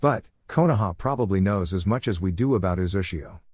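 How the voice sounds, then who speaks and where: A man narrating fan fiction in a steady, plain storytelling manner. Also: deep voice, a little fast, slightly rough, no echo, studio quality. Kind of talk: fan fiction read-aloud.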